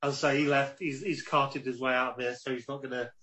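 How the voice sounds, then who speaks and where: A man's voice: medium pitch, fairly even intonation, quick pace, bright, forceful tone. A man hosting a podcast in casual chat, wry and swearing casually as he steers the show. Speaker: podcast host.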